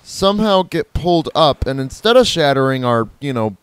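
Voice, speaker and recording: A gameplay video host gives casual let's-play commentary on his own playing, rambling playfully, correcting himself, and imitating creature cries. His voice sits on the high side with big pitch swings, a moderate pace, and a clean tone, with no echo.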